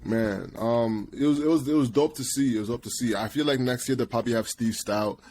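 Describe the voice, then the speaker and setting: A young man co-hosting a laid-back podcast with his friend. He tells stories with big energy, jumping into quick impressions and laughing as he goes. His voice sits at an ordinary middle pitch. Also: slight background noise. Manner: animated storyteller who slips into excited impressions and laughs often. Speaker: podcast co-host. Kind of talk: casual podcast chat.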